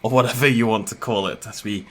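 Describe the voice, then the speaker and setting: A man's voice: fairly low pitch, steady tone, quick pace, a bit bright. A man giving casual gameplay commentary as a YouTuber, chatty and joking, laughing often. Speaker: gaming YouTuber.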